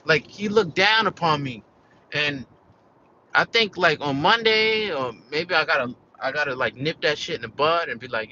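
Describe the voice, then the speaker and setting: A man's voice: on the high side, normal speed, bright, forceful tone, highs cut off, a little hiss or hum. An American man venting casually in a candid, profane, rambling monologue, full of restarts. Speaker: vlogger.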